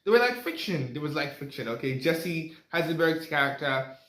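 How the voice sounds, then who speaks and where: A man's voice: fairly high pitch, expressive, normal speed, a bit bright. A young man giving a casual, rambling movie review, full of fillers and asides. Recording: echoey room.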